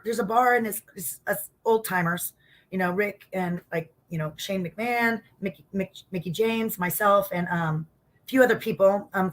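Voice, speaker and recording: A middle-aged woman, a former wrestler, telling stories in a casual interview, animated and acting out quotes, with casual swearing. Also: medium pitch.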